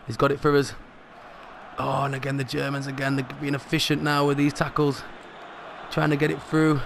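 Gravelly man commentating a football game. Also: mid-range voice, a little hiss or hum. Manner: excitable, rises sharply at goals. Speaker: gaming commentator.

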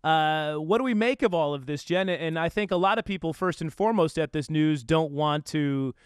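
A man's voice: fairly high pitch, moderate pace, smooth, no echo, studio quality. A man co-hosting a casual entertainment news panel, leading the topics with frequent "uh" fillers. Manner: leads the segment with frequent "uh" fillers. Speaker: co-host.

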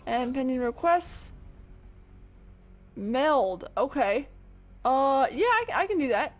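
A man's voice: very high-pitched, sing-song, slow pace, faint music behind. A man casually commenting on his video game play, chatty and swearing freely as he reacts aloud. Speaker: let's play gamer.

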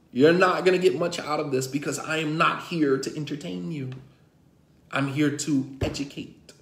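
High-voiced man, imam giving a fired-up class lecture, keeps repeating himself, roomy echo. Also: vocal fry. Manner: emphatic, repetitive, rhetorical questions. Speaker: imam and teacher. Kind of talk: impassioned religious class lecture.

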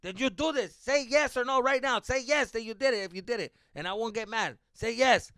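A man's voice: very high voice, a little fast, clear, resonant tone, dry recording, clean studio sound, pitched above the performer's own voice, exaggerated voice. A man doing a stern, angry dad. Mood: demanding. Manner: loud, demanding. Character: stern angry father demanding the truth.

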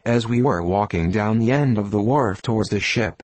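A man reading a classic novel aloud as an audiobook narrator, in a plain, even reading voice. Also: fairly low pitch, moderate pace, no room sound. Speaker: audiobook reader. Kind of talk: scripted narration.

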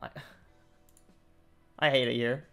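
A young man streaming a game live, chatting casually, jokey and excitable, his voice jumping up when he gets indignant. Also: medium pitch, slow, creaky, clear, resonant tone, faint music behind. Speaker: VTuber streamer. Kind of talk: casual livestream chat.

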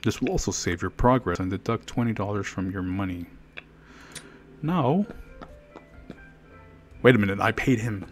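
A man's voice: fairly low pitch, expressive, moderate pace, long pauses. A man casually commenting on his own gameplay, joking and chatting to game characters and to himself. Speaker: gaming video host. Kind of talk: casual let's play commentary. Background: faint game music.

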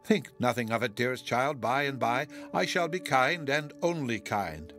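A man voicing an agitated, tearful old gentlewoman who pleads in trembling, urgent, hushed tones. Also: medium pitch, animated, normal speed, faint music behind. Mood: pleading.

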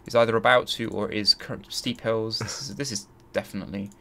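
A man's voice: on the low side, steady tone, a little fast, gravelly, sharp tone, a little hiss or hum. A man hosting a let's play, thinking aloud and grumbling as he searches. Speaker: gaming channel host.

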